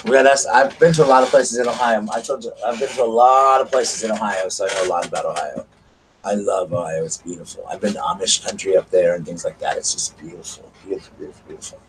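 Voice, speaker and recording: A man's voice: fairly low pitch, steady tone, fast talker, slight background noise, poor audio. A man with a Southern US accent hosts a casual live stream from home, chatting and gushing as he greets viewers by name. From South Carolina, US.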